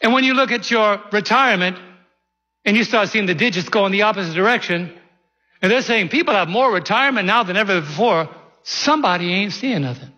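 Man, pastor, folksy sermon, rhetorical questions, high voice, long church reverb. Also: fairly quick, sharp tone, lo-fi sound.

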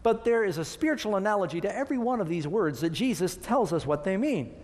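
A man's voice: high voice, expressive, quick pace, a little mellow. A man preaching a sermon, emphatic and putting questions to his congregation. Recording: long reverb of a large hall.

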